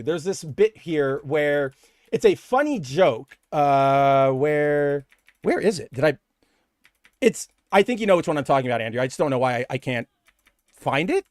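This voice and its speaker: A young man with a slightly high voice co-hosts a casual comic book podcast. He rambles animatedly, restarts his sentences, and drops into quick impressions of characters. The sound is dry and close to the mic. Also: lively intonation, no echo. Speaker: podcast co-host.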